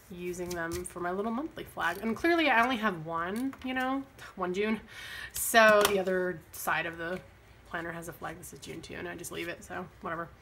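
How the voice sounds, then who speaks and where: A woman's voice: fairly low pitch, creaky, bright, forceful tone, a little hiss or hum. A young woman with a light lilt, chatting and rambling as she decorates her planner, often laughing at her own mistakes. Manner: rambling, chatty, self-deprecating. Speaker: planner vlogger. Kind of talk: casual chat while planning.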